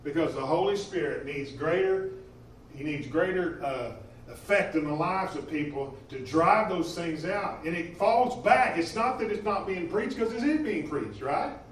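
A man preaching a sermon in a church, impassioned, swinging between loud emphasis and quieter stretches. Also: fairly high pitch, lively intonation, normal speed, a little hiss or hum. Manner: impassioned, rising and falling in emphasis. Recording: echoey room from a distance.

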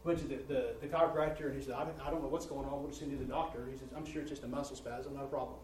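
A man preaching a sermon, rising in volume and pitch as he presses his points and often repeating words. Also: fairly even intonation, racing, a little mellow, slight background noise. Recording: roomy church sound from a distant mic.

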